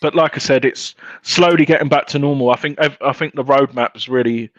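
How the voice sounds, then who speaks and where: A man's voice: mid-range voice, fairly quick, fairly bright tone. A man calling in to a fan show, chatting casually and friendly, often stumbling and repeating words. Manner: friendly, hesitant, repeats himself. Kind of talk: casual chat. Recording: dull lo-fi call line.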